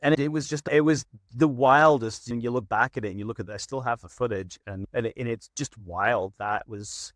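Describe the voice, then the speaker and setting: A man's voice: mid-range voice, fairly quick, hardly any pauses, dry recording, clean studio sound. A middle-aged veterinary practice manager, a man, telling stories in a casual interview and acting out his own stern warnings to clients.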